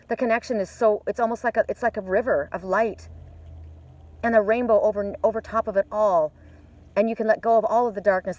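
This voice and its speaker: An excitable woman giving an oracle card reading outdoors on a phone, at an ordinary middle pitch. She keeps breaking off into gasps and exclamations. A faint hiss sits behind her voice. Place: outdoors by water.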